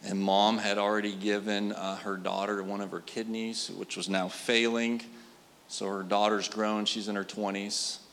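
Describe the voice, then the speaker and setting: A man's voice: fairly low pitch, little pitch movement, moderate pace, creaky, a bit bright, slight background noise. A man preaching a sermon, telling personal stories in an earnest, conversational way with frequent fillers. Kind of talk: sermon storytelling.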